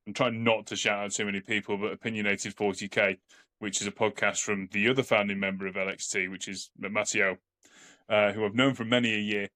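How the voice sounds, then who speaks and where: A man with a lowish voice co-hosting a relaxed podcast. He talks in loose, rambling runs, doubling back on words as he goes. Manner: rambling, repeats words while thinking. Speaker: podcast co-host. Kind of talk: casual podcast chat.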